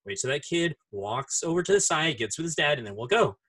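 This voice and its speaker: This man tells stories in casual chat with a bright, sharp tone and a slightly high voice. He swears freely and acts out the people in his stories. He talks through headphones. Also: big pitch swings, a little fast, slightly rough. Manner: profane storyteller who acts out voices.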